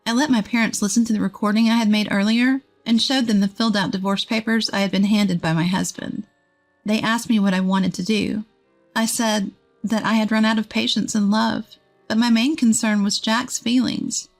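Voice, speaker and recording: A woman, a text-to-speech voice, reading a first-person story as a scripted narration in an even, steady way. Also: mid-range voice, normal speed, soft background music.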